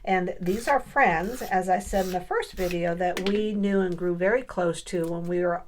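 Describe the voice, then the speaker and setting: A woman's voice: lowish voice, normal speed, a little hiss or hum. Chatty middle-aged woman crafting on camera. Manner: chatty, thinks aloud while working; asks viewers questions. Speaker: papercraft vlogger. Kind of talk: casual crafting tutorial.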